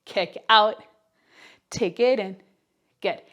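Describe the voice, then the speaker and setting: A woman's voice: mid-range voice, very slow, fairly bright tone. A woman leads a Pilates class and counts down reps as she does them. She sounds out of breath, and her cues are upbeat, with chatty asides between moves. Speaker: Pilates instructor. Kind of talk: follow-along workout cueing.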